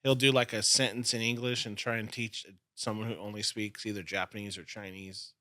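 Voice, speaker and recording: A man co-hosting a podcast, chatting casually and retelling clips with animated energy and easy laughter. His voice is strikingly bright and sharp. The recording is dry and close. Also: fairly low pitch, fairly quick, no room sound. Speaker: podcast co-host. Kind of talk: casual chat.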